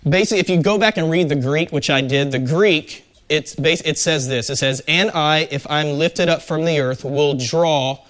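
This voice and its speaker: A man's voice: a little high, normal speed, few pauses, a bit bright. A man teaching a small-group Bible study, talking conversationally and putting questions to the group. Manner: conversational, asks the group questions, frequent fillers.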